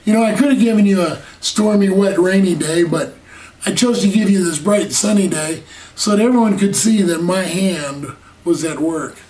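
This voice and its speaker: A man's voice: high-pitched, moderate pace, crowd noise, close to an everyday voice. A man voicing God as a casual, friendly male figure chatting about the weather, in an echoey room away from the mic. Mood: breezy.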